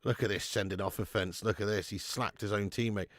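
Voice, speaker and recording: A man's voice: fairly low pitch, steady tone, fairly quick, fairly bright tone, no echo, studio quality. A man doing a live football watch-along, chatty and sweary, reading out viewer messages on a webcam mic.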